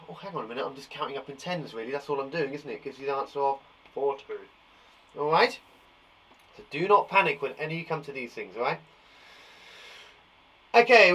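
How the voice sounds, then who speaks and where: A man's voice: on the high side, fairly bright tone. A young man teaching a live maths lesson for young children, encouraging and reassuring, thinking aloud as he counts up in tens.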